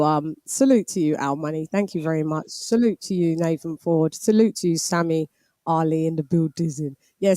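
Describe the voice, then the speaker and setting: A woman's voice: medium pitch, no echo. A British woman in her forties hosting a boxing live stream, chatting casually and laughing while reading out viewer messages. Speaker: boxing show host.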